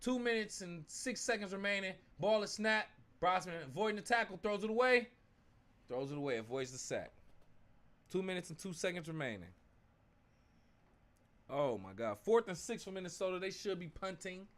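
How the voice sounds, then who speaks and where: A young man hosting a live-stream sports watch-along, casual and slangy, switching between low mumbled asides and loud outbursts at the plays. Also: normal speed. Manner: excitable, swings from mumbling asides to shouting at the game; uses slang like fam and bro.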